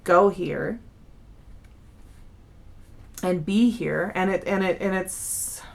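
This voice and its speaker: A woman's voice: lowish voice, very slow, creaky. A young woman giving a casual monthly tarot reading, chatty, with frequent fillers and restarts. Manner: chatty, warm-hearted, many fillers and restarts. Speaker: tarot reader.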